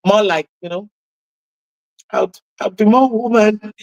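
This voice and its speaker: A woman with a husky voice hosting a radio talk show, giving an impassioned motivational talk and repeating key phrases for emphasis. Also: mid-range voice, a little slow, darkish tone, dry recording, highs cut off.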